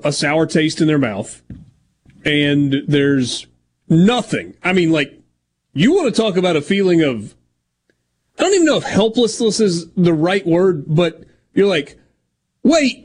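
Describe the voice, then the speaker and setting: Upbeat sports radio host, higher voice. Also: male voice, expressive, moderate pace, darkish tone. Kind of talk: radio talk show hosting with ad reads. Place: radio studio.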